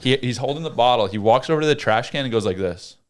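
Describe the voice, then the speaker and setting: A young man hosting a casual podcast chat, his voice sitting at an ordinary middle pitch. He tells stories with lots of energy and acts out the other people's lines as he goes. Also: quick pace. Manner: animated storyteller, acts out voices. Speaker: podcast host.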